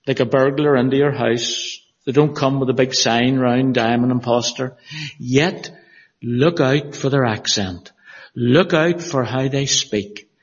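A man's voice: a little high, fairly bright tone, breathy edge. A man with a Northern Irish accent preaching an earnest, emphatic expository sermon in a church hall, with a prayer. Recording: dull audio with long hall reverb.

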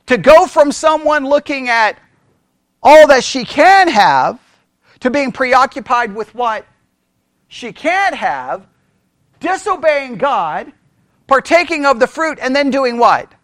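Energetic Bible study teacher, dry sound. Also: high voice, slow pace, dry recording. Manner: asks the listeners questions and checks in with "right?"; energetic, thinking aloud with restarts.

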